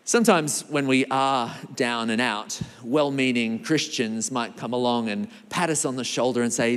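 A man preaching a sermon as pastor, lively and animated, with big swings in his delivery. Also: medium pitch, normal speed, hardly any pauses, clean tone. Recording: long hall reverb.

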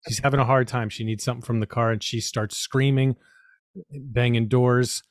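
A man's voice: medium pitch, steady tone, normal speed, no echo, studio quality. A man in his forties hosting a podcast, affirming his guest with frequent yeses and sharing stories as a parent. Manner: affirming, lots of yes and yeah. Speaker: podcast host. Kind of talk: casual interview conversation.

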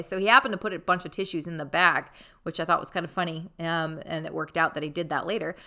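A chatty woman tells a personal story in a relaxed, casual way, filling pauses with ums and likes and laughing easily. Her voice is crisp and smooth, with a sharp brightness. It sits a little lower than most women's voices.

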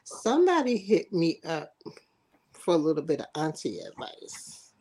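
A woman's voice: low-pitched, sing-song, measured pace, a little mellow, slightly rough. A woman co-hosting a casual group podcast, joking playfully. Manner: playful, jokey. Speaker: podcast co-host.

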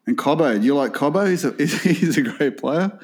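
A man's voice: a little high, expressive, brisk, darkish tone. A man chatting casually about sport as a podcast co-host, laughing often and swearing freely.

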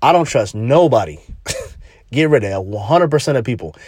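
A man's voice: medium pitch, animated, normal speed, darkish tone, husky. A young man who works at a jail, telling a rambling story in casual chat, swearing and restarting often.

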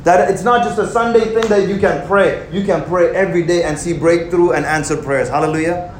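A young man preaching a sermon, animated and conversational, with jokes and asides to the congregation. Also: sits high, fairly quick, slight background noise. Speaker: pastor. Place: church hall. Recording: roomy hall with faint ambience.

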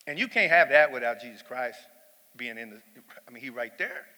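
Bright-voiced preacher in a reverberant hall. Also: male voice, mid-range voice, animated, moderate pace. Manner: conversational storytelling with emphatic rises. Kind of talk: sermon. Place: church.

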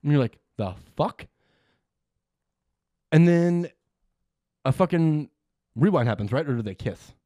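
A man's voice: fairly high pitch, unhurried, pauses often, no room sound. A man chatting casually on a podcast, retelling a movie scene by scene with lots of swearing and acted-out reactions. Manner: animated, swears a lot, acts out scenes. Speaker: podcast co-host. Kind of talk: casual movie recap chat.

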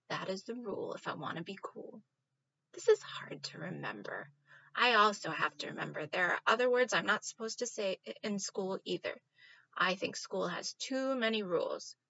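A woman reading a children's book aloud, expressive and stopping now and then to fix her slips. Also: mid-range voice, lo-fi sound. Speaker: reader.

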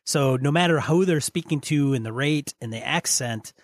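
A man with a Midwestern American accent, a podcast co-host chatting casually and in a measured way about tabletop role-play. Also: mid-range voice, no room sound, clean studio sound.

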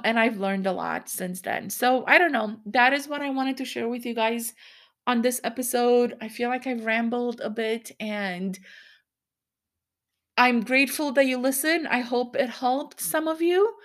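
A woman's voice: on the high side, a little slow, fairly bright tone. A woman in her thirties hosting a solo podcast, talking candidly and in a rambling way, often laughing as she speaks. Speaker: podcast host.

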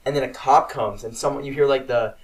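A man's voice: mid-range voice, steady tone, a little fast, far from the mic, low-quality recording. A young man chatting casually on a podcast, rambling through stories, swearing freely and acting out what people said. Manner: rambling storyteller, swears freely, acts out quotes. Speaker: podcast co-host. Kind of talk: casual chat.

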